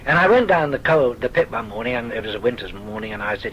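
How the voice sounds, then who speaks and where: A man's voice: medium pitch, lively intonation, fast, fairly bright tone, highs cut off, a little hiss or hum. An older man with a southern English accent, genteel and wry, telling his memories for a recorded oral history. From south of England. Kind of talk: recorded reminiscence.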